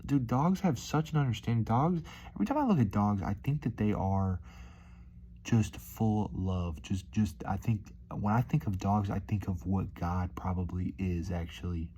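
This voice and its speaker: Laid-back male vlogger, low and mellow, rambling reflective chat. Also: moderate pace, slightly rough. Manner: laid-back, rambling, says dude and man a lot. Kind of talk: casual reflective monologue.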